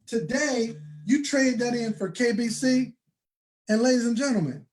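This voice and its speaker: A man giving a motivational sales talk to an audience, emphatic and preacher-like, with bursts of shouting and slow, stressed phrases. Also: very high-pitched. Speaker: presenter.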